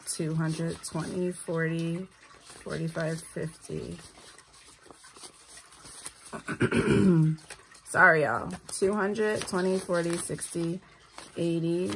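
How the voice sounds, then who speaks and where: Woman, tired, casual budgeting talk, lowish voice, faint background noise. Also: steady tone. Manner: slow, counts bills aloud, self-deprecating asides. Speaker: budgeting vlogger, single mother. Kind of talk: casual talk while counting cash.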